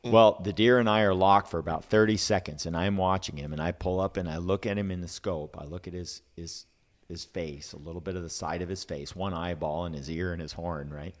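A man's voice: low-pitched, fairly even intonation, fairly quick. A man telling a hunting story to friends in casual chat, acting out his own thoughts and the sounds.

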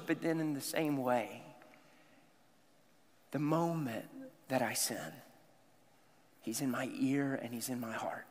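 A man's voice: medium pitch, takes it slowly, long pauses. A male pastor from the American South preaching conversationally and talking directly to his congregation. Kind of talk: sermon. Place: large church sanctuary. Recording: long reverb of a church hall.

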